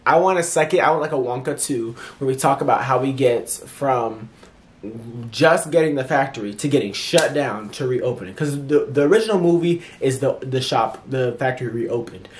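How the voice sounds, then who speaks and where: This is a man's movie review vlog, easygoing and animated, packed with fillers and false starts as he mimics characters' lines playfully. His voice is mid-range, his speed normal, and a faint hiss or hum sits underneath.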